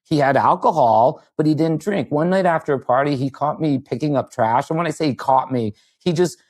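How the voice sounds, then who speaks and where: A man's voice: on the high side, a little fast, dry recording. A man, a podcast guest, telling stories in casual chat and acting out the quoted lines. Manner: animated storyteller acting out quotes. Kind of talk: casual storytelling.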